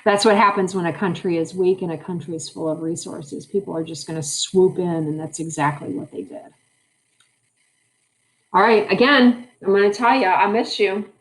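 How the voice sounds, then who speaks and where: A woman's voice: mid-range voice, rough recording. A woman teaching a recorded history lesson in a chatty, informal way, talking straight to her students. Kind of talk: casual recorded lecture.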